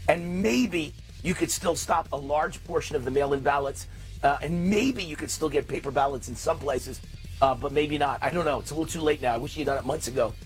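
A man's voice: fairly high pitch, fairly quick, faint music behind. A man hosting a talk radio show, delivering an impassioned, ranting political monologue.

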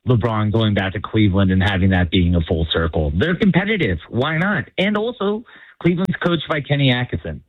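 A man's voice: fairly low pitch, lively intonation, brisk, no room sound. A man calling into a sports radio show from the San Francisco area, friendly and rambling, saying "you know" often. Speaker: caller. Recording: tinny phone line.

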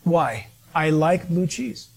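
A man's voice: fairly high pitch, lively intonation, slow pace, creaky, slightly rough. A man preaching a sermon in a church, emphatic and speaking straight to his congregation. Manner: emphatic, addresses congregation directly.

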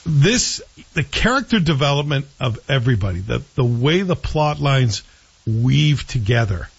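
A man co-hosting a show and chatting in an opinionated, animated way about TV series. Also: a little high, slightly rough. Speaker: show co-host reviewing TV. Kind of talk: casual chat. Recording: dull lo-fi sound.

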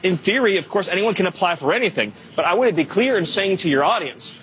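A man's voice: high-pitched, lively intonation, fast, a bit bright, slight background noise. A man in his thirties, a government official, giving a firm, insistent answer in a TV interview.

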